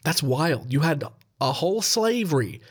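A man with an Australian accent, sick and hoarse, hosting a podcast in a rambling, joking way and swearing freely. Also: a little high, sing-song, normal speed. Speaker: podcast host. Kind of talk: casual comedic podcast monologue.

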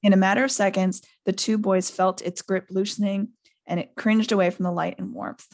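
A woman hosting a podcast, reading a novel aloud in a lively way. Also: mid-range voice, a little fast. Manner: lively, laughs often. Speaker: podcast host.

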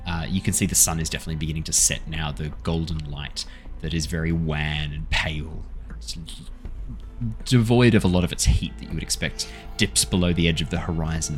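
A man narrating as game master of a tabletop game, describing scenes in detail with playful asides. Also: deep voice.

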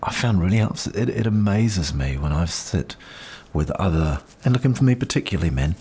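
A man's voice: deep voice, animated, moderate pace, warm tone, slightly rough. A middle-aged man with a New Zealand accent gives an earnest, encouraging personal monologue outdoors. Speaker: podcast host sharing personal experience. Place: outdoors in wind. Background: faint wind.

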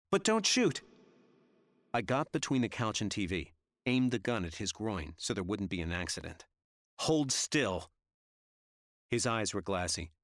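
A man narrating an audiobook in a steady, measured reading style. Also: low voice, no room sound, clean studio sound. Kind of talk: scripted narration.

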